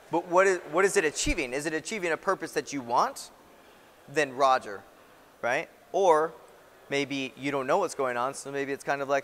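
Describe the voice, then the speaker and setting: A man's voice: a little high, moderate pace, a bit bright. A man teaching a class as a military instructor, talking conversationally and often checking in with "right?". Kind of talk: classroom lecture. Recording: long reverb in a hall-like room.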